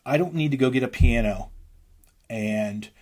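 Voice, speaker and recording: A man talking casually as an interview guest, a worship leader, rambling fast and breaking into lines of hymns. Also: mid-range voice, a little mellow.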